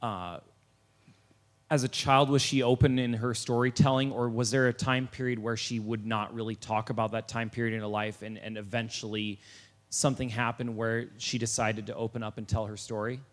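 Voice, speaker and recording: A man's voice: medium pitch, little pitch movement, moderate pace. Hesitant man asking a long question. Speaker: audience member asking a question. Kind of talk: question from the audience.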